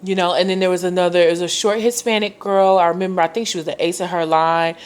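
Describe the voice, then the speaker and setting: A woman in her twenties hosting a podcast, telling a personal story in a casual, slangy way and acting out quoted dialogue with big jumps in pitch. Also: fairly even intonation, quick pace, clean tone. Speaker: podcast host.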